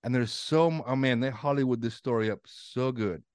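A man co-hosting a podcast, retelling a documentary in casual, animated chat and swearing freely. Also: mid-range voice, a little fast, clean tone, dry recording, clean studio sound. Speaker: podcast co-host.

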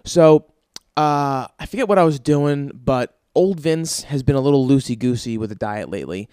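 A man's voice: medium pitch, lively intonation, moderate pace, mellow, clean tone, no room sound. A man hosting his own podcast, ranting with heavy swearing in an exasperated comedic monologue. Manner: profane, exasperated rants. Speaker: podcast host.

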